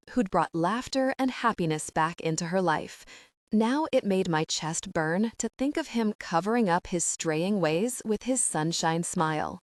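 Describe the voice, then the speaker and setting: A woman narrates a first-person romance audiobook, telling the story in an expressive, conversational way. Her mid-range voice is recorded at studio quality with no echo.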